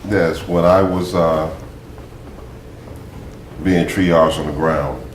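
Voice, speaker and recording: A low-voiced man, a veteran appearing as a guest, tells a funny, relaxed story about getting wounded. He speaks slowly with fairly even intonation, and the recording has an echoey room sound and faint noise.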